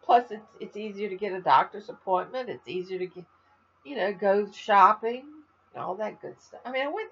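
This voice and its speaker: Her mid-range, husky voice moves at normal speed as this older Florida woman, a crafting vlogger, rambles casually to viewers in a tired, slightly stuffy way. She trails off with fillers often, and the recording sounds dull.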